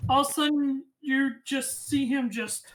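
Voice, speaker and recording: A man narrating as game master in a tabletop game, describing scenes in a relaxed way and laughing along. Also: very high-pitched, measured pace, poor audio.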